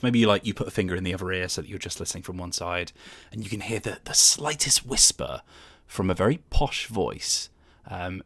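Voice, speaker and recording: A man narrating as game master of a tabletop game, talking in a relaxed way with lots of fillers. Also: deep voice.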